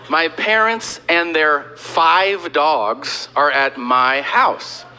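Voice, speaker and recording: A man telling a stand-up story and acting out both sides of a conversation, on a stage recording with audience noise. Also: on the high side. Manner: animated storytelling, acting out quotes. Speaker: stand-up comedian.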